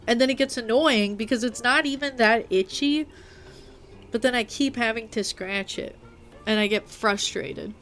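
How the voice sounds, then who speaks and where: A woman's voice: mid-range voice, a bit bright. Woman gaming on stream, rambly casual chatter into a desk mic, bit of game music behind. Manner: chatty, rambling, talks with her mouth full. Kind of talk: casual live-stream chat while gaming.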